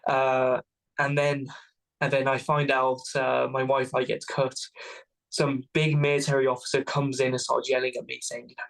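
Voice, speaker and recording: A man's voice: mid-range voice, completely flat delivery, normal speed, vocal fry, poor audio. A young man from Wales telling travel stories as a guest, casual and self-mocking. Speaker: guest adventurer. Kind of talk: casual storytelling.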